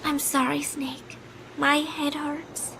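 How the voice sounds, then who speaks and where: A woman voicing a soft-spoken, kind young woman in a video game, talking in a gentle, earnest way. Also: sits high, level tone, takes it slowly, gravelly, a little hiss or hum, full character voice, rough recording. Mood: weary. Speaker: game character.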